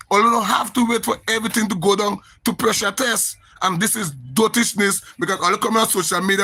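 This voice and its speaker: A man's voice: high-pitched, bright, forceful tone. A man with a Grenadian accent ranting on a live social media stream, emphatic and repetitive, sounding exasperated.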